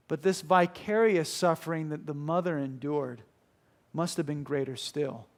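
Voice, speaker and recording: Impassioned high-voiced male preacher. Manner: impassioned, swings between loud and hushed; acts out quoted voices. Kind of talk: sermon.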